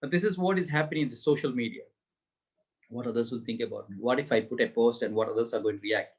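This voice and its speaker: A man's voice: medium pitch, fast talker, breathy edge, low-quality recording. A man giving an online motivational talk, conversational, checking in with the audience and laughing now and then. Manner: conversational, frequent "okay?" tags, laughs, addresses audience directly. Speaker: motivational speaker.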